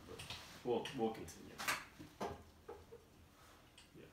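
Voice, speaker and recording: A man hosting a comedy show, reading a storybook aloud in a mock-solemn, deadpan way with fake emotional asides. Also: fairly low pitch, normal speed, long pauses. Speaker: host. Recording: roomy, distant, noisy room.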